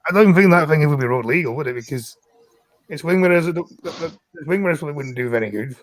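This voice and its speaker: A man's voice: on the high side, animated, fast talker, poor audio. A man with a Scottish accent, streaming casually and reading news stories aloud, swearing often and stumbling over the words. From Scotland.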